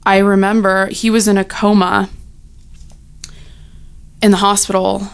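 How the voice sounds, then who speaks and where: Gravelly-voiced young woman sharing her story. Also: mid-range voice, level tone, unhurried. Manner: frank, heartfelt, many fillers like "you know". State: near tears at times. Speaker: recovery storyteller. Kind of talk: personal testimony, casual.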